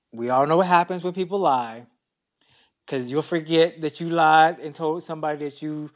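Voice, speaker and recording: A man co-hosting a casual podcast, giving relaxed advice point by point and laughing lightly. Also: fairly high pitch, highs cut off. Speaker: podcast co-host.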